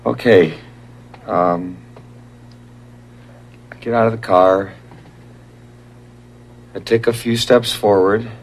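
An actor playing a male police sergeant under hypnosis, recalling a stakeout in a halting way with many pauses. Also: lowish voice, steady tone, vocal fry, husky, heavily acted. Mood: dazed, recalling. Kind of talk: sitcom acting.

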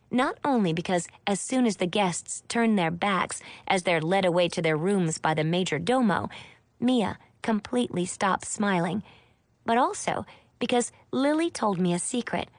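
A woman's voice: on the low side, dry recording. A woman reading a first-person audiobook in a chatty, wry storytelling manner. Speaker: audiobook narrator.

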